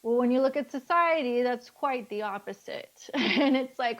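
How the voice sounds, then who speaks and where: A woman speaking as a life coach guest in a casual interview, lively and acting out the dialogue she quotes. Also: on the high side, moderate pace, few pauses.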